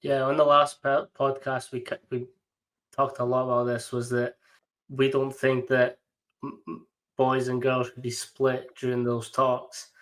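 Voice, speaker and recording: A man's voice: mid-range voice, monotone, a little slow, a bit bright. A man hosting a podcast in casual conversation, speaking hesitantly with restarts. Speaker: podcast host.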